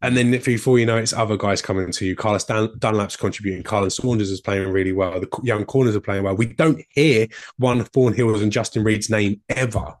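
A man's voice: on the low side, steady tone, a little fast, hardly any pauses, no room sound, clean studio sound. A man with a Cockney accent co-hosting a sports podcast, chatty and enthusiastic. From England. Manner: chatty, enthusiastic, repeats himself when thinking. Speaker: podcast co-host. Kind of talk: casual sports chat.

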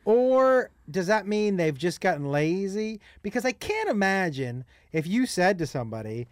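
A man's voice: high-pitched, big pitch swings, normal speed, hardly any pauses, no echo. A man hosting a podcast, joking bluntly and playfully in a casual conversation.

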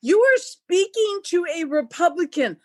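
Earnest high-voiced woman, dry sound. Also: big pitch swings, a little slow, no room sound. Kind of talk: casual chat over video call.

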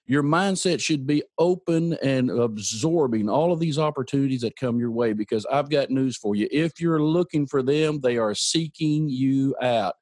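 Man, podcast host, upbeat, encouraging, playful, mid-pitched, dry close sound. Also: normal speed, few pauses, a little mellow, no room sound. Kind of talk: motivational interview talk.

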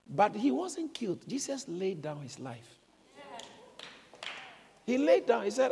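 A man preaching a sermon in a church, explaining and exclaiming with animated emphasis. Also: high voice, measured pace, creaky, long pauses, slightly rough, long reverb tail. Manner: animated preaching, bursts into shouts when quoting. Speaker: pastor.

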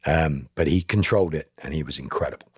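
Low husky man telling a story bluntly. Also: fast talker, no echo, studio quality. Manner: blunt, emphatic, swears, acts out quoted speech. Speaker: podcast guest. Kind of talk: emotional storytelling.

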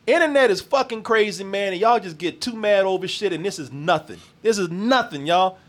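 A man's voice: high voice, lively intonation, fairly quick. A man hosting a casual podcast chat, a loose, profane storyteller who laughs often. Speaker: podcast host.

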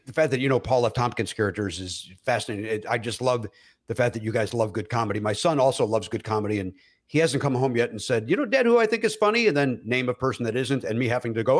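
A man, a comedian, telling stories in a casual podcast chat, with loud acted-out quotes, many fillers and restarts, and frequent laughter. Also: mid-range voice. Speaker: comedian guest.

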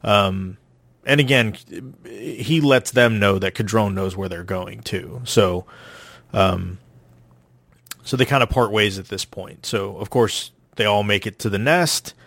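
A man's voice: fairly low pitch, unhurried, creaky, fairly bright tone, dry recording. A man hosting a casual podcast recap, retelling the plot with frequent ums and restarts. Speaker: podcast host.

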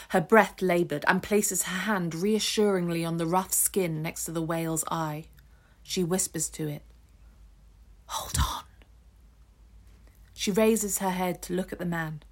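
A woman narrating an audiobook extract in a measured, descriptive storytelling manner. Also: fairly low pitch, a bit bright. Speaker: audiobook reader. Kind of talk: scripted narration.

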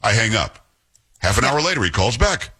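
Male talk radio host: bright, slightly husky tone, chatty and exasperated. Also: fairly low pitch, very animated, moderate pace. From Texas. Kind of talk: casual talk radio monologue.

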